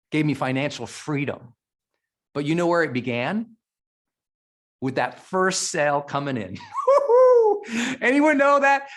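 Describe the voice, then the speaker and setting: Before a live audience, a middle-aged keynote speaker from Montana, USA, delivers an emphatic, emotional motivational speech, often restarting his sentences. His voice is high with a fairly bright tone.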